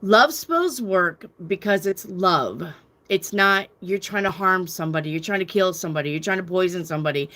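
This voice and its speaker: A woman's voice: lowish voice, moderate pace, a bit bright. A middle-aged woman hosting a casual talk show, speaking emphatically, repeating phrases and lecturing her viewers with firm conviction. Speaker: tarot reader and podcast host.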